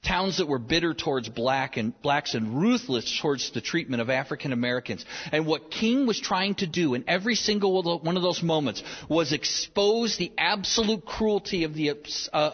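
Male pastor, 30s, raised husky voice, earnest sermon delivery with repeated lines; long hall reverb, muffled recording. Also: fairly high pitch, animated, moderate pace, few pauses. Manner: earnest, repeats phrases for emphasis. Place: large church sanctuary. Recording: reverberant hall, dull lo-fi sound.

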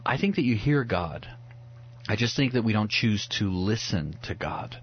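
A man's voice: fairly low pitch, lively intonation, moderate pace, breathy edge, dull audio. A man speaking as a pastor and radio guest, teaching on a Bible passage in an earnest, reflective way, often restarting his sentences.

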